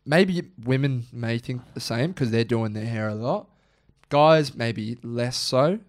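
A young Australian man co-hosting a casual podcast, animated and swearing freely. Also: mid-range voice, takes it slowly. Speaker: podcast co-host. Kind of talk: casual chat.

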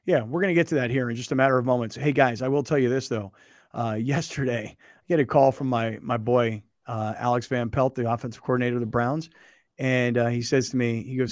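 A man hosting a casual sports talk show, telling stories in an animated way and laughing often. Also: medium pitch, fairly quick, dry recording, clean studio sound. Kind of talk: casual sports radio chat.

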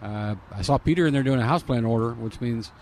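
A man's voice: mid-range voice, quick pace, a little mellow, a little hiss or hum. Dry-witted man co-hosting radio. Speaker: nursery co-host. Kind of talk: casual radio chat.

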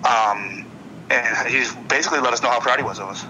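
A man's voice: mid-range voice, a little fast, sharp tone, a little hiss or hum, low-quality recording. A young man being interviewed as a ballplayer, telling stories in a rambling way with many restarts. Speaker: guest, professional baseball player. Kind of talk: casual interview conversation.

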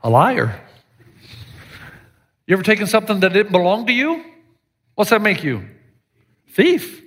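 A man preaching a sermon as pastor, animated and joking, with sudden shouted lines. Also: sits high, quick pace. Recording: live sermon with long hall reverb.

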